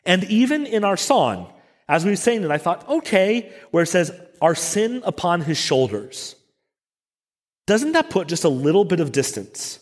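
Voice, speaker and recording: A man's voice: high-pitched, very animated, normal speed. A middle-aged man preaching a Sunday sermon as pastor, conversational, with self-deprecating asides. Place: church sanctuary. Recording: long church reverb.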